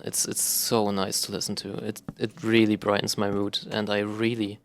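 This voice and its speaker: Rambling young man. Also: on the low side. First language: German. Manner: rambling, profane, self-correcting, many ums. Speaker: vlogger. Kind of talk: casual monologue to camera.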